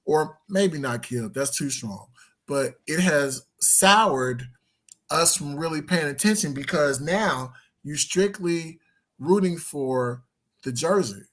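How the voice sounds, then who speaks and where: Middle-aged guy on a sports call show, bright tense voice, fired up. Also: a little high, animated, takes it slowly. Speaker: co-host. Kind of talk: casual sports chat.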